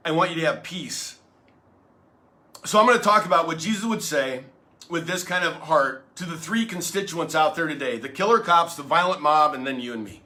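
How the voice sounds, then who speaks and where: A middle-aged man, a pastor hosting his own show, giving a casual devotional talk straight to the viewer in a chatty, folksy, animated way. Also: fairly high pitch.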